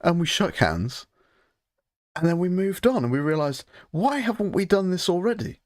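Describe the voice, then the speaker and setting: A man's voice: high-pitched, sing-song, normal speed, no room sound, clean studio sound. A young British man hosting a live painting stream, chatting in a rambling, swearing, good-humoured grumbling way. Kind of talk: casual live stream chat.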